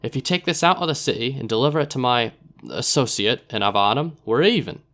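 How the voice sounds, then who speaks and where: A man voicing a shifty, wary scrap merchant who talks in a rough drawl, calling people "mate.". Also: on the low side, flat delivery, a little fast. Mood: gruff. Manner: rough-edged drawl, says "mate" and "aye".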